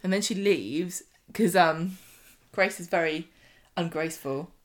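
A woman's voice: on the low side, unhurried. A woman co-hosting a podcast, recapping soap plots in casual chat and acting out characters' lines. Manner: animated, acts out characters' lines. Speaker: podcast co-host.

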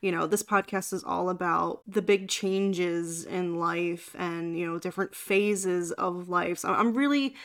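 A woman's voice: lowish voice, fairly bright tone. A woman hosting a podcast over a video call, talking in an effusive, open way with frequent laughs and restarts. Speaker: podcast host. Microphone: video call microphone.

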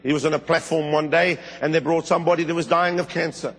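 A middle-aged male preacher delivering a fervent sermon, his voice set a little high and somewhat husky. He tells stories with sudden leaps upward in pitch and volume. The sound rings with the long reverb of a large church hall. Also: steady tone, quick pace.

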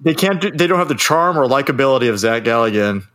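A man's voice: medium pitch, expressive, fast talker, fairly bright tone. A man in casual movie chat, chiming in with blunt, sarcastic asides. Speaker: podcast co-host.

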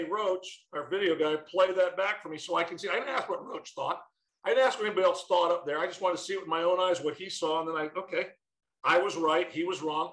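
A middle-aged man, a former baseball manager, telling stories in a casual interview and quoting his kids in lively bursts. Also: a little high, echoey room, poor audio.

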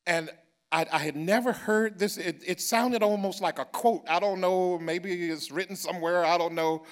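A fervent male preacher, his voice sitting a little high for a man, telling a personal story in a church. He swings from low, confiding storytelling to loud, drawn-out shouts of praise. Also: fairly even intonation. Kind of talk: sermon testimony.

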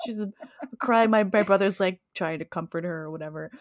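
A woman's voice: fairly low pitch, brisk, no echo, studio quality. A young woman co-hosting a podcast, telling stories in a chatty way and laughing often. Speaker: podcast co-host. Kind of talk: casual chat.

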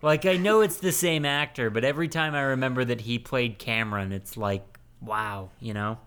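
A young man talks through a film on a podcast, drifting from point to point with plenty of ums and uhs. His voice is smooth and clear at an average pitch. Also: fairly bright tone. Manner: rambling, lots of ums and uhs, quick laughs. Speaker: podcast co-host. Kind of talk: casual movie recap chat.

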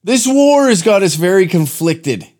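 A man holds forth on his podcast in a loose, profane comic rant. He leans on sarcasm and curses often. His voice rides slightly higher than most men's. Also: sing-song, measured pace, a little mellow. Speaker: podcast host. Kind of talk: comedic rant.

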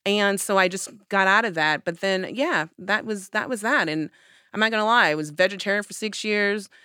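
A woman telling a personal story in casual conversation, acting out her own past lines with lively emphasis. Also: mid-range voice, moderate pace, clean tone, no room sound, clean studio sound.

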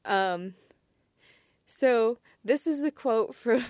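A woman co-hosting a podcast in casual chat, animated and laughing often, trailing off mid-sentence. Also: fairly high pitch, drawn-out words, no echo, studio quality. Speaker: podcast co-host.

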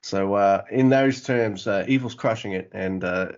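A man's voice: on the low side, a little slow, darkish tone. Podcast dude rambling on, swears a lot, trips over his words, kinda dull lo-fi sound. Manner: rambling, profane, frequent restarts. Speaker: podcast co-host. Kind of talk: casual podcast chat.

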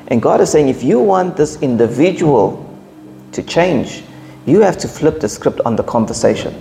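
A man's voice: fairly high pitch, expressive, normal speed, creaky, warm tone. A man preaching a sermon, emphatic and repetitive, with joking asides.

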